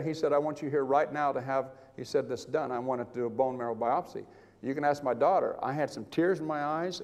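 An older man preaching, telling a personal story with animated, chuckling delivery and acting out the voices of others in his account. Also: on the high side, big-room sound. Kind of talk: sermon testimony.

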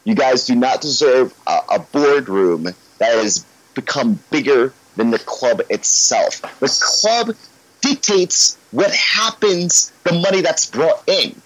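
Man, podcast guest: lively, rising pitch, gets ranty, dry close sound. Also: takes it slowly, no echo, poor audio. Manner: animated, ranty, swears when worked up. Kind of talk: casual football podcast chat.

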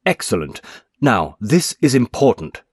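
A man reading aloud voices a stern, brisk male doctor who speaks firmly and insistently. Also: mid-range voice, big pitch swings, husky, dry recording, clean studio sound, pitched above the performer's own voice. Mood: stern, probing.

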